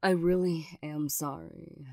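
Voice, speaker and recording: A woman's voice: low-pitched, steady tone, takes it slowly, vocal fry, dark tone, no echo, clean studio sound, heavily acted. A woman playing a stammering tsundere girlfriend, whispered role-play. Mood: flustered. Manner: hesitant and stammering, with nervous little laughs. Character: awkward tsundere young girlfriend, gruff but loving. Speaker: ASMR role-play performer.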